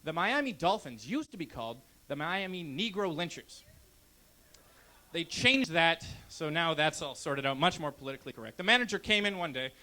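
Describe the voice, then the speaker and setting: Young Canadian male comic, high and lively, bright edge, brash deadpan stand-up. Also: moderate pace. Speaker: stand-up comedian. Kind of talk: stand-up comedy set. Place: comedy club stage.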